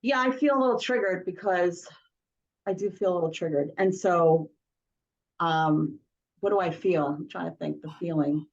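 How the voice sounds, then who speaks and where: A woman's voice: on the low side, normal speed. A middle-aged woman telling a story in casual chat on a video call, rambling, with many fillers and restarts. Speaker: songwriting circle member. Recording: slightly dull video call audio.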